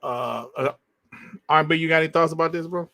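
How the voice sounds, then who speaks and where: A man's voice: on the high side, brisk, creaky, bright, forceful tone, no echo, clean studio sound. A man hosting a casual gaming podcast over a call, loose and profane, often calling others bro. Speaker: podcast host. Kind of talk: casual chat.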